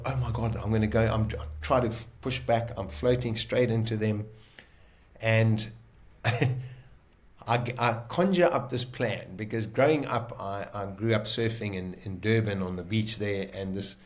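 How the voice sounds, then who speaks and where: A middle-aged South African man telling his survival story vividly, acting out his own inner voices and swinging between loud and soft. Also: on the low side. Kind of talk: animated storytelling.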